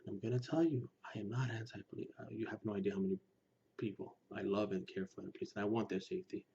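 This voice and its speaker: A man speaking earnestly to his listeners, pressing his points and sometimes dropping to a hushed near-whisper. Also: fairly low pitch, fairly even intonation, rapid-fire. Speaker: Lukumi practitioner speaking to his channel. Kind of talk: personal commentary to camera. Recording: slightly dull recording with faint background noise.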